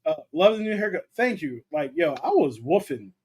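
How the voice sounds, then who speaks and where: A young man co-hosts a casual movie livestream, chatting loosely and reading viewer comments out loud. His fairly high voice is very animated and darkish in tone, moving at a normal speed over slight background noise.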